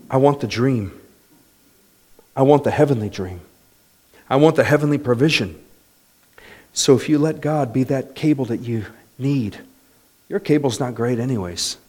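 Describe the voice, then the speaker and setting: A man preaching a sermon, moving between quiet, low passages and loud, lively ones, with laughter. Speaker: pastor.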